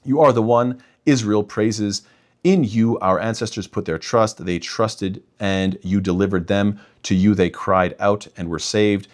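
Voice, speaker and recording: A man's voice: lowish voice, measured pace. A young man talking straight to his listeners in an emphatic religious rebuttal, often calling them "guys". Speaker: imam and apologetics speaker.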